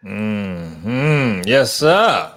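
A man co-hosting a podcast, calmly explaining his picks in casual analysis with frequent fillers. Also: fairly low pitch. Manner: measured, explains strategy with fillers. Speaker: podcast co-host.

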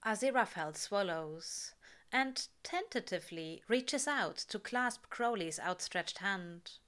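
A woman reading a story aloud in a measured, calm narration. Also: medium pitch. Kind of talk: reading fan fiction aloud.

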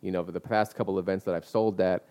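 A man's voice: low voice, steady tone, fast, dark tone, clean tone. Laid-back young man spinning a story. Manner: laid-back slang-heavy storytelling with many fillers. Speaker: guest business owner. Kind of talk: casual storytelling.

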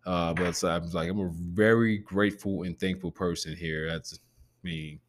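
A man with a gravelly growl in his voice, hosting a podcast in a loose, rambling and profane casual chat. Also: sits low, steady tone, moderate pace, slight background noise. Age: adult with a preteen nephew. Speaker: podcast host.

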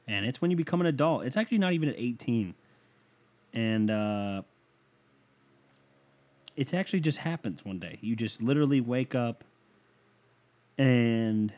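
This is a casual solo podcast from a young man's bedroom, a profane, self-mocking, meandering monologue. His voice is medium in pitch and a little mellow.

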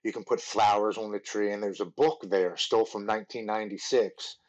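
A man in his forties from Maryland, a podcast guest telling his recovery story in an earnest, halting way, often restarting his words. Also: on the low side, steady tone. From Maryland, USA.

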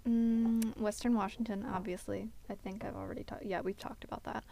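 A woman's voice: medium pitch, flat delivery, brisk, gravelly, mellow, slight background noise. A young woman in her late teens, from the United States, co-hosting a casual podcast chat. She talks in a chatty way and explains things at length. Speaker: podcast co-host.

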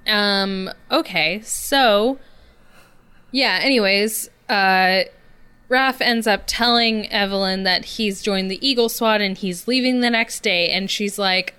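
A woman's voice: medium pitch, takes it slowly, sharp tone, clean tone. A woman co-hosting a podcast, chatting about a movie in a laid-back, wry way. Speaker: podcast co-host. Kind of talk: casual movie review chat.

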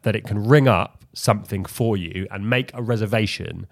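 A man's voice: lowish voice, normal speed, vocal fry. A man from England co-hosting a podcast, talking in a wry, chatty way with frequent restarts and fillers. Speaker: podcast co-host. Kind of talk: casual chat.

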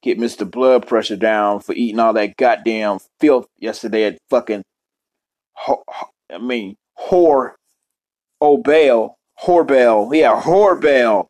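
A man's voice: medium pitch, unhurried, a little mellow. A man in a casual, rambling rant, cursing constantly and jumping between topics. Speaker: vlogger.

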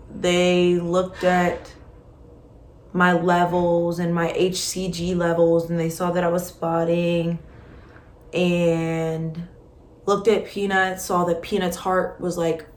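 Expressive woman telling a personal story. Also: fairly low pitch. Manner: expressive, conversational, lots of fillers. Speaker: podcast host. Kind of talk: candid storytelling. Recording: roomy echo with faint background hum. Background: faint ambient noise, passing truck.

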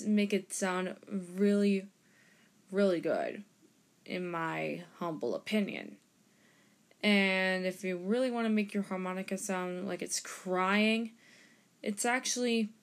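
Slow-talking woman teaching harmonica. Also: medium pitch. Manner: unhurried, explains step by step with demonstrations. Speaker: harmonica teacher and podcast host. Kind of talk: casual instructional talk.

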